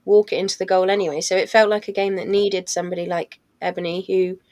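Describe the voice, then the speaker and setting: A woman's voice: mid-range voice, flat delivery, fast, darkish tone, no echo. A woman on a football podcast panel, talking things through in a thoughtful, hedging way. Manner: thoughtful, hedging with "I don't know" and "like". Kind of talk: casual chat.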